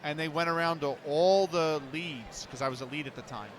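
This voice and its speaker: A man's voice: a little high, normal speed, a little hiss or hum. A man, an esports commentator, telling a long story casually on a live stream, rambling and restarting as he quotes others.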